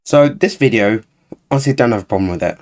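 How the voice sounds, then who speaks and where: Guy doing a sarcastic reaction vid, kinda low voice, exasperated. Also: lively intonation, fast talker, a little mellow. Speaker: YouTuber. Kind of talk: casual reaction commentary.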